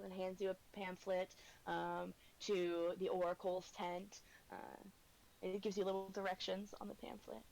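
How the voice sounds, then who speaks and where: A woman's voice: lowish voice, flat delivery, measured pace, vocal fry, darkish tone, rough recording. A woman narrating a tabletop game as game master, hesitant and giggly with many fillers.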